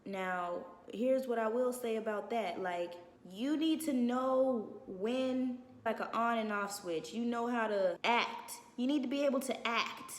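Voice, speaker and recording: An advice vlogger with a fairly high voice hands out blunt, sassy life advice in a casual talk, laughing now and then. She speaks a little slowly yet with hardly any pauses, and the echoey room gives a long reverb.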